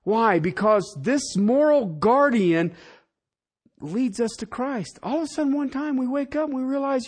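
Animated preaching pastor, high lively voice. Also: male voice, moderate pace. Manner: preaching with rhetorical questions, swinging from loud to hushed; folksy, colloquial speech. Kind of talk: sermon.

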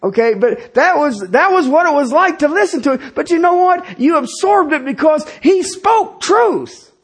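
A pastor in his fifties preaching a sermon in a lively, conversational way, with casual asides to the congregation. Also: very high voice, normal speed.

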